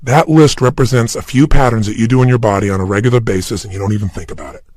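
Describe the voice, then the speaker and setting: A middle-aged man giving an energetic, emphatic motivational talk straight to the listener, recorded at a studio microphone without a script. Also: lowish voice, quick pace, no room sound. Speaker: motivational speaker. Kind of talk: motivational talk for an audio program. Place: recording room, unscripted and standing.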